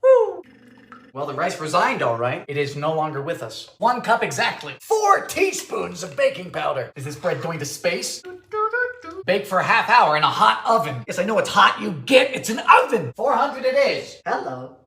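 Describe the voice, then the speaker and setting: A man narrating a comic cooking vlog about vintage recipes, making dry deadpan jokes and breaking into sudden shouts. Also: sits high, moderate pace. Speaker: home baker trying vintage recipes. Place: home kitchen.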